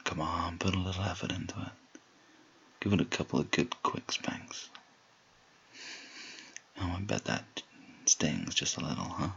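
A man in a whispered role-play, speaking in a slow, low murmur with a commanding, teasing manner. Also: vocal fry, fairly bright tone, highs cut off, a little hiss or hum.

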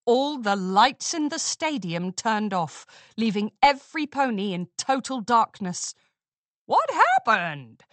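A woman narrating a children's storybook in an expressive, unhurried reading. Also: fairly high pitch, dry recording.

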